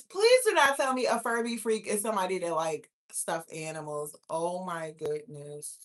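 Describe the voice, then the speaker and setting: A young woman hosting a casual livestream, reading viewer comments and telling stories in a blunt, profane, animated way. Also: mid-range voice, a little slow. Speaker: livestream host.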